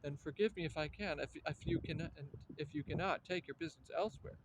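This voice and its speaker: An actor playing an earnest, self-assured coffee shop owner in a radio play. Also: male voice, a little high, fast, background noise, natural voice.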